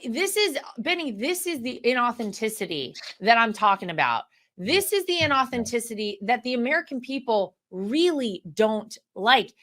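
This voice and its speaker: A woman's voice: on the high side, pushed and bright. A woman speaking as a guest in a political interview, emphatic and assured in her points.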